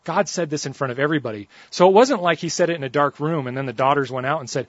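A man's voice: medium pitch, quick pace, no room sound, lo-fi sound. A young adult man preaching a sermon, reading scripture and telling funny stories about himself in an easygoing, conversational way. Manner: conversational, self-deprecating storytelling between scripture readings.

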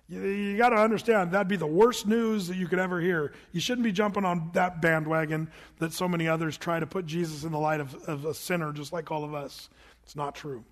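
In a reverberant hall, a high-voiced man who is a pastor gives a sermon. He preaches conversationally, tossing in asides and rhetorical questions.

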